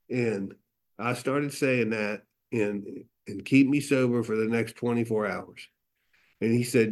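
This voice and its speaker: A man's voice: mid-range voice, normal speed, a little mellow. A middle-aged man giving a candid personal testimony, telling his story with quoted dialogue, fillers and restarts. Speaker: recovery meeting speaker.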